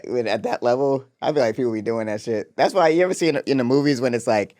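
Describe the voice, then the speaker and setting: A man co-hosting a relaxed podcast. His pitch sits in the middle. He talks in a loose, joking way, laughs easily and now and then breaks into voices while he recaps. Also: quick pace. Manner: loose and playful, laughs often, slips into voices. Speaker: podcast co-host. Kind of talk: casual recap chat.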